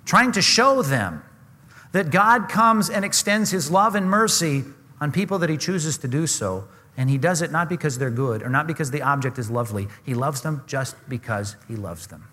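A man's voice: a little high, animated, normal speed, bright, forceful tone, long reverb tail. A man preaching a sermon, earnest and emphatic, often asking his listeners questions. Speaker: pastor.

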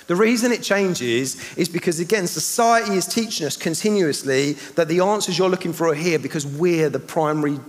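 A man, preaching a sermon with passion, swinging between loud and hushed. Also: a little high. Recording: hall reverb.

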